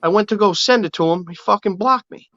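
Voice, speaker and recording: A man's voice: sits high, fast, fairly bright tone, no echo. A man, co-hosting a podcast and telling stories in brash, profane banter. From New York City. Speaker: podcast co-host. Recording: dull lo-fi dry sound.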